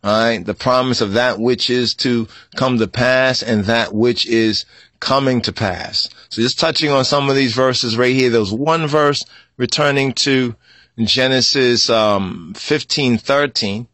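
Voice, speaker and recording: A man teaching scripture in a repetitive style, asking "right?" again and again and breaking into loud outbursts. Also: medium pitch, unhurried, no echo. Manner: repetitive, asks "right?" constantly, spells out word meanings. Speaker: religious teacher.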